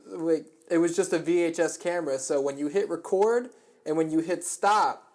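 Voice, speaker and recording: A man's voice: on the high side, normal speed, a little mellow. Laughing, swearing young man telling stories. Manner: storytelling, swears freely, laughs often. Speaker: podcast guest. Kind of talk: casual podcast chat.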